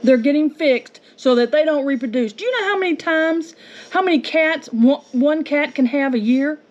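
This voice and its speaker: A woman's voice: high-pitched, moderate pace, darkish tone. Angry woman venting at home. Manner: indignant, confrontational, rhetorical questions. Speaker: homestead vlogger. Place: home with yard being mowed. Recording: dull lo-fi audio with faint noise.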